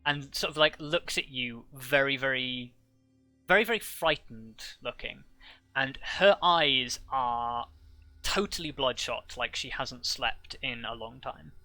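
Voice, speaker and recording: A man running a tabletop game as game master, narrating haltingly with many restarts. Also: medium pitch, sharp tone, dry recording. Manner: halting, full of restarts and fillers.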